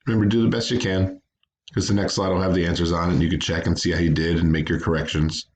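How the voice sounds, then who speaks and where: A man with a very low, deep voice leads a recorded phonics lesson for young students. He speaks patiently and carefully, breaking words into syllables and repeating each sound. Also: little pitch movement, fast talker. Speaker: teacher.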